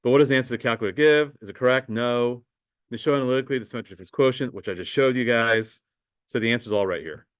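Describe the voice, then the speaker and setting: A man teaching a high school math class in a casual lecture, talking the students through calculator steps. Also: racing, rough recording. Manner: casual, talks to students as guys, thinks aloud with fillers.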